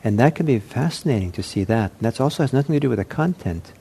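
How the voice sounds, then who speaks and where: A man giving an unscripted meditation talk, speaking in a gentle, reflective way with frequent pauses and restarts. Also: medium pitch, lively intonation, creaky, a little hiss or hum. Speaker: meditation teacher.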